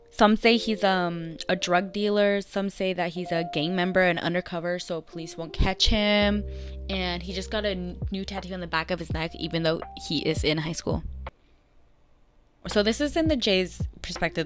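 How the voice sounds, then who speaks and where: Young woman vlogger, lower pitch, casual animated story recap, soft music bed. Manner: chatty, animated, acts out dialogue in bursts. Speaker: vlogger reading fanfiction aloud.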